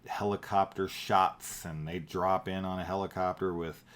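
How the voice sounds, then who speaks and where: A man's voice: low voice, little pitch movement, normal speed. A middle-aged man co-hosting a casual movie review chat, rambling and thinking aloud with many fillers. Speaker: podcast co-host.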